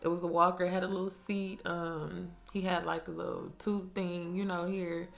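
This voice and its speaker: A young woman telling a casual storytime on her own mic, animated and slangy, swearing freely and laughing often. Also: on the low side, moderate pace, gravelly. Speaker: storytime vlogger. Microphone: own microphone.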